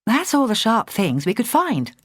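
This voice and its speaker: A practical young woman skipper , read aloud by a woman, who speaks in a brisk, decisive way. Her voice moves lively up and down. The sound is dry and close. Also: fairly high pitch, husky, no echo, pitched above the performer's own voice, heavily acted. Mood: urgent.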